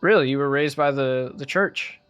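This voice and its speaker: A man's voice: medium pitch, a bit bright, clean tone, soft background music, natural voice. A man voicing a polite young church student. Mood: friendly. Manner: apologetic, friendly, slightly halting.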